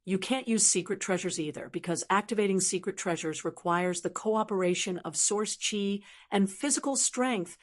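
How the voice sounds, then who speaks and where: A woman's voice: mid-range voice, moderate pace, hardly any pauses, lightly acted. A woman voicing a cold, aloof female sect elder who explains things indifferently in an audiobook. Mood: cool.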